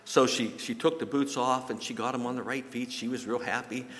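A man giving a sermon in a church, telling folksy stories and jokes with halting repeats. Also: medium pitch, fairly even intonation, fairly bright tone. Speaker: pastor. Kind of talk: sermon with anecdotes. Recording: long reverb from a large hall.

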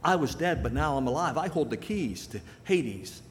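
A male pastor preaching a sermon with emphatic delivery, slowing down and rising on key phrases. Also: a little high, animated, in a large hall, a little hiss or hum.

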